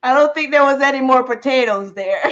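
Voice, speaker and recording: A woman's voice: high voice, muffled recording. A woman telling a story casually in a vlog, repeating phrases and laughing between them. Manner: repetitive, laughing, animated storytelling. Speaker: vlogger.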